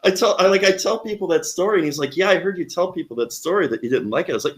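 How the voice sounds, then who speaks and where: A man's voice: high-pitched, lively intonation, rapid-fire, hardly any pauses. A young man who works as a comedian and teacher, laughing often as he tells anecdotes. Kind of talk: casual conversational storytelling.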